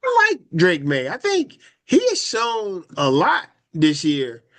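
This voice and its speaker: A man co-hosting a casual sports podcast, teasing and animated, with loose informal grammar. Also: high voice, slow pace. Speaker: podcast co-host.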